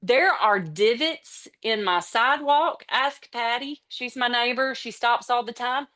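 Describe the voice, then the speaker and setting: Excitable, chatty woman trainer. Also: on the high side, a little slow. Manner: excitable and energetic, gets out of breath from excitement; chatty, with casual slips and restarts. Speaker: team trainer on a business call. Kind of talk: motivational training talk.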